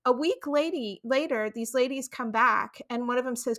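A middle-aged woman with a slightly raised pitch tells stories as a podcast guest. She chats freely and acts out the lines she once said. Her voice is conversational and lively. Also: normal speed. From Texas, USA. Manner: chatty storyteller acting out her own quoted lines. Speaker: guest author. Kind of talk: podcast interview, storytelling.

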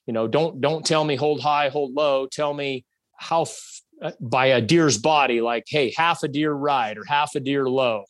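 Guy telling a hunting story, gets animated, acts out the shots, dry mic. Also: mid-range voice, a little slow, dry recording. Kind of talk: casual storytelling.

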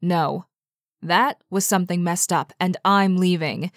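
A woman voicing a blunt, agitated young man who swears when scared, in a slow storybook reading. The delivery is low-pitched and close, with no room sound. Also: dry recording. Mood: alarmed. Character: panicky, swearing young man, eager to flee.

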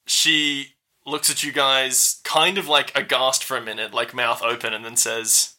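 A man's voice: mid-range voice, flat delivery, measured pace, bright, forceful tone. A man narrating as game master, loose and rambling with lots of filler words.

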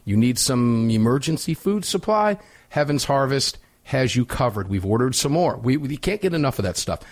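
An upbeat man hosting talk radio, folksy and chatty as he reads sponsor spots and throws questions to a guest. His voice sits at an ordinary middle pitch for a man. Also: animated, moderate pace. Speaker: radio talk show host.

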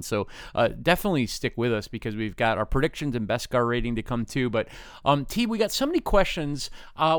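A man's voice: mid-range voice, clear, resonant tone, no echo, clean studio sound. A man hosting a fan podcast, talking casually with lots of fillers and restarts. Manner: rambling, many fillers and restarts. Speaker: podcast host.

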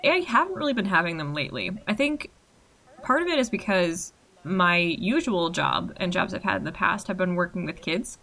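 A young woman co-hosting a casual podcast chat, talking in an animated way and often quoting herself. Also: on the low side, moderate pace. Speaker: podcast co-host.

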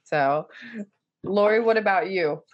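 An interview host talks with a guest in an amused, eager way. The voice is mid-pitched. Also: a little slow, highs cut off. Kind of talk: interview chat.

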